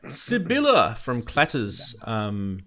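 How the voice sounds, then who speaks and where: A man's voice: medium pitch, wildly swooping pitch, slow, sharp tone. A man hosting a casual chat about synth modules, thinking aloud with frequent ums and restarts. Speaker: host.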